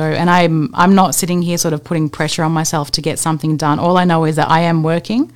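An Australian woman, a stand-up comedian, talking casually on a podcast, full of fillers and quick laughs. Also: sits low, flat delivery.

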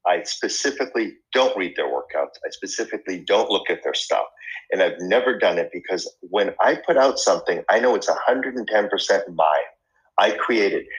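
A middle-aged man with a lowish voice tells an animated story about his work as a guest on a talk show. He keeps playing the people he quotes, with bright jumps in his voice. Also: normal speed, poor audio. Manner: enthusiastic, acts out quoted dialogue. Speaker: personal trainer, guest.

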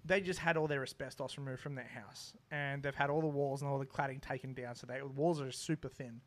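A man's voice: medium pitch, fairly even intonation, brisk. A young man, telling a funny story in casual chat and acting out his neighbours with laughs. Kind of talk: casual anecdote.

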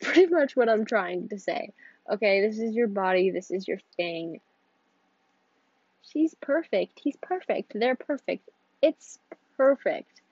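A woman's voice: medium pitch, darkish tone, no room sound, muffled recording. Rambling, giggly young woman podcaster. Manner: rambling, giggly, self-interrupting. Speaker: podcast host. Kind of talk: casual solo podcast chat.

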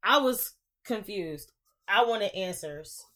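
A woman's voice: mid-range voice, lively intonation, slow pace, sharp tone. A woman hosting a casual podcast, talking through her opinions in an easygoing conversational way. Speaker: podcast host.

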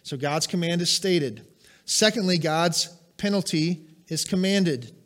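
A man's voice: on the high side, a little slow, fairly bright tone. A middle-aged man preaching a sermon, emphatic and asking the congregation questions. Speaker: pastor.

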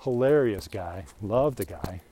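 Out on a walk with a handheld mic, this middle-aged man vlogs in an animated, unhurried way, his warm voice sitting fairly low. He rambles through strong opinions with plenty of laughter, over a slight hiss or hum.

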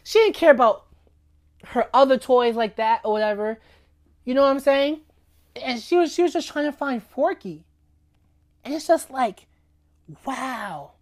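A woman's voice: high-pitched, a little slow, pauses often. Chatty woman giving a casual faith talk. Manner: conversational, keeps asking "right?" and "you know what I'm saying?". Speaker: speaker giving a faith message.

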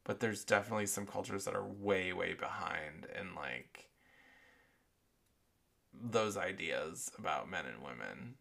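A man's voice: low voice, lively intonation, unhurried, creaky, a bit bright. A man hosting a podcast, talking in a rambling, profane way with many filler words, his voice affected by allergies. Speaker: podcast host. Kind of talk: casual monologue podcast.

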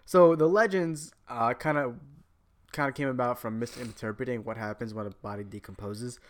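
A man's voice: medium pitch, moderate pace. A man co-hosting a podcast, casually explaining stories in a blunt way and swearing freely. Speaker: podcast co-host. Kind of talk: casual chat.

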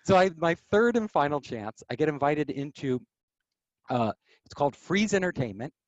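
A man telling stories as an interview guest, animated, acting out quoted voices. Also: fairly high pitch, normal speed, no room sound, dull audio. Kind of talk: casual storytelling.

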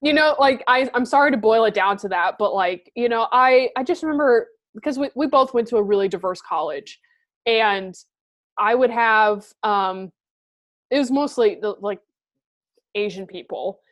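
A woman's voice: fairly high pitch, normal speed. A young woman in casual chat, blunt and full of fillers, swearing often.

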